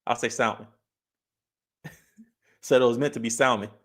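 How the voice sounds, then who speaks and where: A man's voice: medium pitch, steady tone, normal speed. Laid-back man hosting a livestream. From California. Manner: laid-back, laughs often, reads chat aloud. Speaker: livestream host. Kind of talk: casual livestream chat.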